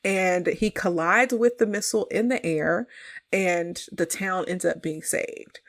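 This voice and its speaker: A woman co-hosts a relaxed film review podcast. She retells the plot with lively energy and laughs easily. Her talk is casual and conversational. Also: lowish voice. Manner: animated retelling, quick laughs. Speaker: podcast co-host. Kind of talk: casual movie review chat.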